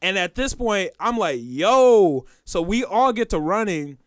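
Young man, lively pitch, dry close sound, casual storyteller who laughs a lot and swears freely. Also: normal speed, clean tone, no echo. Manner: animated, laughing, swearing, acts out quoted voices.

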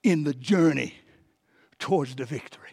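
A male pastor preaching a sermon, dropping to hushed tones and rising to shouted peaks, with frequent "come on now" asides. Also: on the high side, moderate pace, gravelly, slightly rough. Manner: swings from hushed whispers to shouted climaxes.

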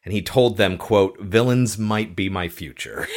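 A man hosting a casual podcast chat about a horror film, chatty and quick to laugh. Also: fairly low pitch, noisy background. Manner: conversational, quotes film lines, laughs easily. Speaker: podcast host.

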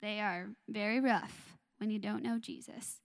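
A woman in her twenties sharing a personal testimony in church, soft and earnest, with frequent ums. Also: mid-range voice, fairly even intonation, unhurried, creaky. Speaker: worship leader sharing a testimony.

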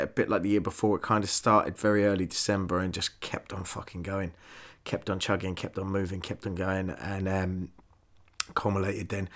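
A man with a fairly low voice hosts his own podcast alone, talking straight into a podcast mic. He rambles loosely from one thought to the next, swears in nearly every sentence and laughs easily as he goes. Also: bright, forceful tone. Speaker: podcast host. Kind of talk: casual solo podcast monologue. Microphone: podcast microphone.

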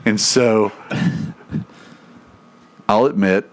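A man's voice: lowish voice, extremely slow. A man telling a story in casual chat, swearing freely and laughing as he goes. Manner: profane, animated, laughs through his own story.

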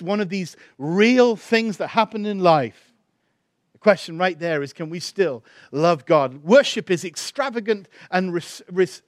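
A man's voice: a little high, no echo, studio quality. A man preaching a sermon, telling a story and acting out the voices in it before building to emphatic peaks.

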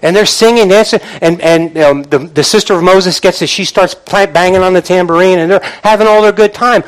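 An older man, a pastor, preaching a sermon to his congregation, moving from quiet reflection to fervent exhortation and calling out to the room. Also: high-pitched, fairly quick, hardly any pauses. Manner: builds from quiet musing to impassioned preaching; calls out "Amen?" and "come on" to the congregation.

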